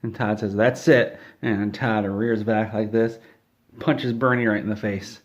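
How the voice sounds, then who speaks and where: Guy with a lowish voice telling a goofy story all mock-serious, kinda muffled audio. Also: flat delivery, measured pace. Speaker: comedic storyteller. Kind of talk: deadpan comedic storytelling.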